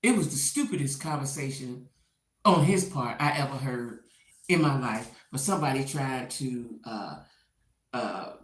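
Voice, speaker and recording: Hosting laid-back gossip commentary, a woman with a bass voice speaks animatedly but a little slowly in a roomy-sounding space. She's chatty, addresses viewers by name, and keeps dropping "right?" into her points.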